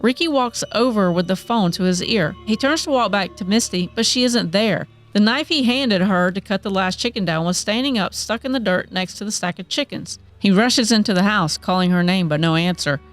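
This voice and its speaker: A woman narrating a horror story in a plain, steady reading voice. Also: mid-range voice, moderate pace, hardly any pauses, faint music behind.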